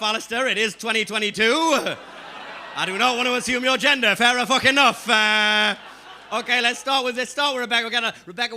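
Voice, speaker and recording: A man's voice: very high voice, background noise. A young Englishman with a Geordie accent doing a live stand-up set. He chats straight to the audience and punches up his lines. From England. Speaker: stand-up comedian.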